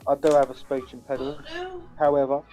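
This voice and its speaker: A man's voice: mid-range voice, level tone, fast talker, highs cut off. A man from London with a Cockney accent, chatting as a podcast guest in a coarse, sweary, rambling way. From London, England. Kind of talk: casual banter.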